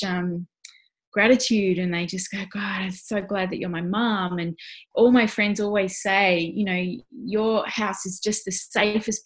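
A woman, telling a personal story as an interview guest, heartfelt and full of "you know" fillers and restarts. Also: mid-range voice. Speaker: parenting instructor guest.

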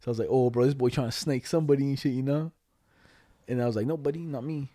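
Young man, casual chat, rapid slangy storytelling, mellow low tone, dry close sound. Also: steady tone, dry recording. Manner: rambling slangy storytelling, swearing freely.

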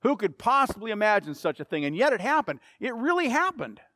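A man's voice: high-pitched, sing-song, brisk, pushed and bright, no echo, studio quality. A man preaching a sermon, emphatic and repeating key phrases for effect. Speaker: pastor.

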